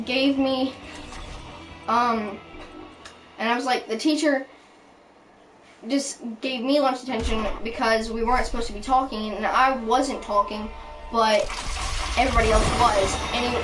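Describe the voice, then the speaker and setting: Sounding indignant, a storytime vlogger rambles through a casual rant packed with fillers and restarts. Her voice sits on the high side with fairly even intonation, a slightly slow delivery, and long pauses. She's recorded from a distance, and background music comes through clearly.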